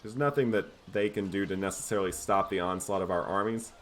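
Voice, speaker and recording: Low-pitched man, casual gameplay commentary, self-mocking, faint noise. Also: fast talker. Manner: relaxed, wry, self-mocking. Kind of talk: casual let's-play commentary.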